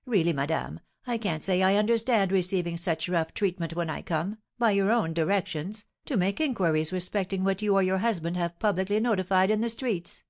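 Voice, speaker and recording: A woman's voice: medium pitch, brisk, hardly any pauses, lightly acted. A woman voicing a placid older man who grows indignant, speaking in a prim, formal way.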